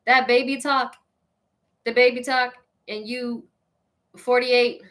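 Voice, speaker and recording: This podcast host speaks slowly, her voice a little high. Addressing her audience directly, she launches into an animated, sassy bit of petty comedic ranting, laughing often throughout the casual delivery.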